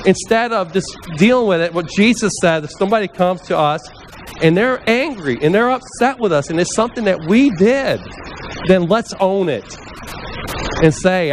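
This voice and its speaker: A man with a slightly high voice giving a relaxed, conversational sermon in a church sanctuary. He keeps turning to the congregation with questions and slips into the voices of the people he quotes. A soft hum of the room sits behind him. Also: normal speed. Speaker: pastor.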